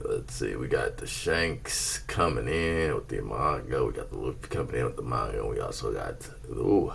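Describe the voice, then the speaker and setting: A man's voice: very deep voice, lively intonation, brisk, vocal fry, hardly any pauses, husky. A man hosting a casual vlog, giving a laid-back, playful rundown of trading card prices. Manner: laid-back, playful, breaks into silly singsong. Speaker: channel host reviewing card prices.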